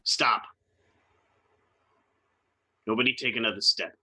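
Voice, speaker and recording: A man's voice: on the low side, steady tone, slow pace, noisy background. A man playing a tabletop game, talking in a skeptical way and laughing easily. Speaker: player.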